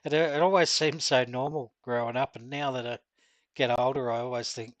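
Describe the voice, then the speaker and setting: A man's voice: mid-range voice, steady tone, normal speed, no room sound. Australian male streamer, middle-aged, easygoing and talkative, dry close-miked sound. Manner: chatty, reads out and answers viewer comments. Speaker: gaming streamer. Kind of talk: casual live-stream chat while gaming.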